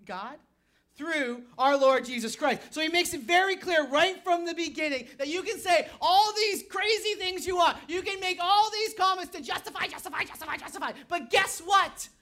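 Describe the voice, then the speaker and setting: A woman pastor preaching a sermon, telling stories with animated energy and rising to shouts. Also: very high voice, normal speed.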